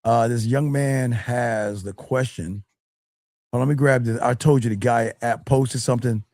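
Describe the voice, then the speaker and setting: A man hosting a livestream as a dating coach, talking bluntly and profanely and growing loud and scornful as he reviews a viewer's messages. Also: medium pitch, steady tone, unhurried, no echo. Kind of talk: livestream advice talk.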